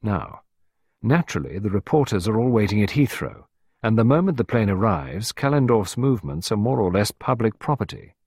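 A man reading aloud and voicing a self-important government official husband who speaks gravely and solemnly about secrets. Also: lowish voice, big pitch swings, brisk, a little mellow, no room sound, heavily acted.

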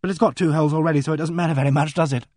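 A man's voice: fairly high pitch, fairly even intonation, racing, darkish tone, no echo, studio quality, natural voice. A man voicing a blunt, awkward young woman of twenty who talks in a breathless rush. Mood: eager. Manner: breathless rush, artless and direct.

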